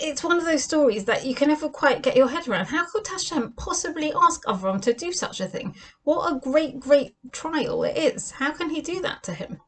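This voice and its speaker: A woman giving a weekly Torah portion lesson, earnest and full of rhetorical questions. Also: high-pitched. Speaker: Torah teacher.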